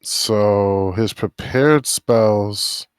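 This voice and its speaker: A man playing a tabletop game, talking through his options in a halting, thinking-aloud way. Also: on the low side, clear, resonant tone, no echo, faint music behind. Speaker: player. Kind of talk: casual game chat.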